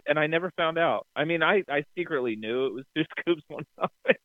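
A man's voice: on the high side, animated, a little fast, no echo. A man co-hosting a casual podcast, telling an exasperated, profane story. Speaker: podcast co-host. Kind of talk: casual chat. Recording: dry tinny phone-like sound.

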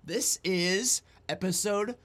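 A young man co-hosting a casual podcast, joking and swearing, often breaking into loud yells. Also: high-pitched, slow. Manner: profane, loud, joking, swings into yelling. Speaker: podcast co-host.

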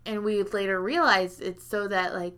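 A woman in casual chat, telling a long story full of fillers and swearing and jumping into high, loud voices when she quotes people. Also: normal speed, clean tone. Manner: rambling, profane, heavy filler words.

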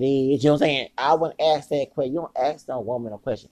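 A man's voice: medium pitch, fast talker, hardly any pauses, dry recording. A man hosting a podcast, telling a long, rambling story full of profanity and acted-out quoted dialogue. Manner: profane, meandering, animated retelling with quoted dialogue. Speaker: podcast host.

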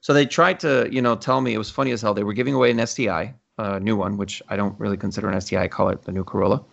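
A man's voice: fairly low pitch, fairly even intonation, rapid-fire, vocal fry, muffled recording. A man hosting a casual podcast, swearing freely and acting out the conversations he retells. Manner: swears freely, acts out quoted exchanges. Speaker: podcast host.

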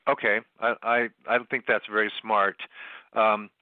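A man with a fairly low voice hosts an interview, asking questions hesitantly and joking a little. His voice comes through a dry, tinny, phone-like line. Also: level tone, unhurried, clear, resonant tone, no room sound. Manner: hesitant, many fillers and restarts, joking. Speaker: interview host. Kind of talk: interview conversation.

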